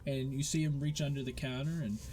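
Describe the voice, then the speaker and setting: A man's voice: medium pitch, fairly even intonation, a little fast, a little mellow, soft background music. A man narrating a tabletop game as game master, rambling with many fillers.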